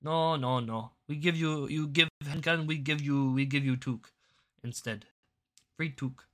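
A man's voice: a little high, moderate pace, close to an everyday voice. A man voicing a mocking, overly apologetic banker with a put-on Canadian accent and broken mock-polite speech.

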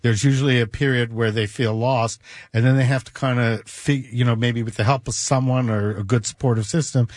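A man hosting a talk show, asking calm questions and giving out the call-in number. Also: medium pitch, brisk, dry recording, studio quality. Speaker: host, therapist.

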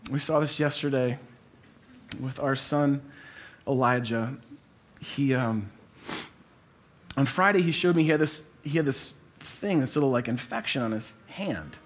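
A man's voice: mid-range voice, a little slow, pauses often. A man in his thirties preaching to a church congregation, telling a personal family story in an earnest, conversational way. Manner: earnest and conversational, acting out quotes. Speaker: pastor.

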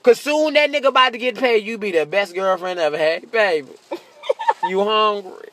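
A man doing a profane stand-up comedy monologue, brash, laughing often and slipping into shrill mocking voices. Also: normal speed, a bit bright.

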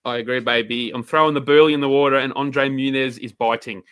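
A man's voice: medium pitch, steady tone, fairly bright tone, smooth, dry recording. A man co-hosting a casual chat about fight tips, joking and swearing as he talks. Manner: fast, swearing, jokey banter. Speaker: podcast co-host tipping fights. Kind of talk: casual sports betting chat.

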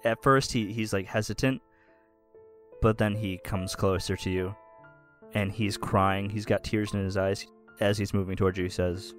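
A man's voice: lowish voice, steady tone, moderate pace. A man narrating as game master in a tabletop game, casual and chuckling, with faint music behind.

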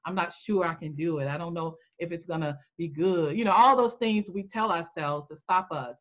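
A woman coach telling an animated story in a podcast interview, acting out the voices she quotes. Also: normal speed, muffled recording. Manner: animated storyteller, acts out quoted voices with big pitch jumps. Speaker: coach and founder.

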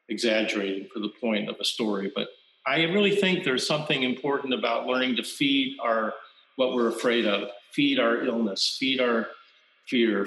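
A man giving a Zen dharma talk, speaking reflectively and haltingly, with frequent restarts. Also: mid-range voice, pushed and bright. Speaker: Zen Buddhist teacher. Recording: roomy echo.

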